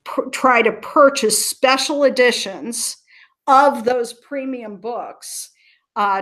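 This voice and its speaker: A woman's voice: mid-range voice, fairly bright tone. A woman from Southern Ohio, a nonprofit leader being interviewed, speaking earnestly and telling stories with frequent restarts. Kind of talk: conversational interview.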